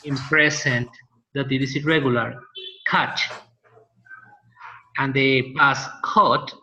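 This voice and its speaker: Male teacher, slightly high, bright tone, patient quizzing style, muffled call audio. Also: a little hiss or hum. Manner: patient, asks students questions and repeats answers. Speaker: linguistics teacher. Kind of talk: classroom lecture over a call.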